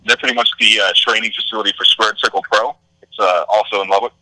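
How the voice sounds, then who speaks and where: Easygoing man, bright and dry. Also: fairly low pitch, steady tone, fast talker, no room sound, low-quality recording. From Texas. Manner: easygoing, filler-heavy with many "uh" and "you know". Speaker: guest, independent wrestler. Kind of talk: podcast interview answers.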